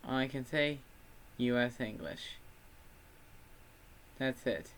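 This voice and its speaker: A man's voice: mid-range voice, lively intonation, slow, a bit bright, slight background noise. A young man from Texas with a Texan accent, chatting casually on a livestream in a rambling, self-deprecating way. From Texas, USA. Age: student.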